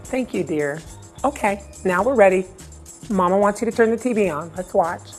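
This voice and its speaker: A woman's voice: mid-range voice, expressive, moderate pace, over music. A woman hosting a comedy showcase, joking and self-mocking between clips. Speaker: show host.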